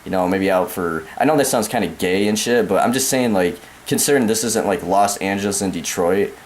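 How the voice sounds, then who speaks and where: A man's voice: fairly low pitch, fairly quick, slight background noise. Angry, cursing young American man. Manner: profane, repetitive, calling the listener man and dude. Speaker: vlogger. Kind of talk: angry rant to camera.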